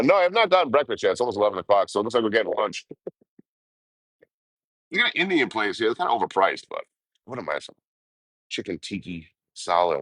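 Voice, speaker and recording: Casual, profane male vlogger with a low voice and a dry sound, storytelling to chat. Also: vocal fry, dry recording. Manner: profane, rambling storyteller who laughs often.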